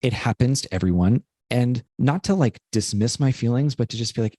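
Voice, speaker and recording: A man's voice: mid-range voice, fairly quick, mellow, no room sound, clean studio sound. A man co-hosting a podcast, talking through a personal story in an earnest, rambling way with lots of fillers. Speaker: podcast co-host. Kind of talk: casual reflective podcast chat.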